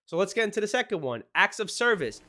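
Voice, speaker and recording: On his casual advice show, a man hosting a podcast talks about marriage in a relaxed way. His voice is high, bright, and forward, and he speaks quickly and with excitement, often breaking into laughter while explaining.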